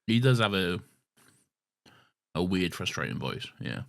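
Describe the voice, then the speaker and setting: A man's voice: deep voice, big pitch swings, a little slow, gravelly, a bit bright. A man co-hosting a casual film-review podcast, laid-back and dry, often laughing. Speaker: podcast co-host.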